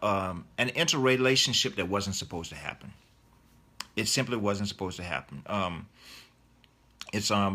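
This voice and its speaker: A man's voice: lowish voice, sharp tone. A middle-aged man, an author, chatting casually in a live Q&A as he reads out viewer questions and answers them with enthusiasm.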